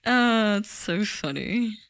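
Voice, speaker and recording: A woman's voice: mid-range voice, lively intonation, slow, a bit bright, clean tone, no echo, studio quality. A woman streaming live, chatting casually with her chat, giggly and talkative. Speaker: VTuber streamer.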